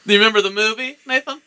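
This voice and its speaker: A man's voice: high-pitched, bright, forceful tone, clear, resonant tone. A man hosting a podcast, chatting casually with a goofy, jokey, playful mock-motivational delivery. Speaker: podcast host. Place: podcast studio room.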